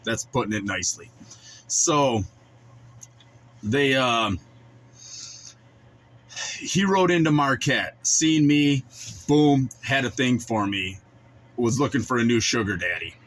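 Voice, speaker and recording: A man's voice: medium pitch, expressive, slow pace, pauses often, a bit bright, slight background noise, poor audio. A man in his forties telling a story in a blunt, colloquial, casual way. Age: 40s. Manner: blunt, colloquial, acts out quoted voices. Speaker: vlogger.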